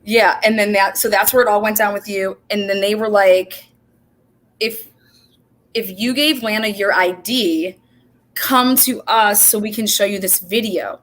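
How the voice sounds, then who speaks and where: Profane, animated woman telling a story on a livestream. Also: mid-range voice, normal speed. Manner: animated storytelling, profane, quotes herself and others in dialogue. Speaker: show host. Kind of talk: casual livestream chat.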